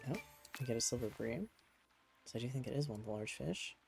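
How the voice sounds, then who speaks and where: A game streamer talks in a relaxed, mellow voice at a home desk, slipping into sweet baby-talk for a pet cat. Soft music plays faintly underneath. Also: medium pitch, quick pace, gravelly, rough recording. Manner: cooing baby-talk to a pet, chatty musing while gaming. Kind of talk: casual live-stream chat while playing.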